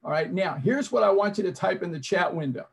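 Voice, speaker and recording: High gravelly man leading a webinar. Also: animated, a little fast. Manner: coaching, repeats phrases, prompts audience. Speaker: seminar presenter. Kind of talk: interactive online seminar.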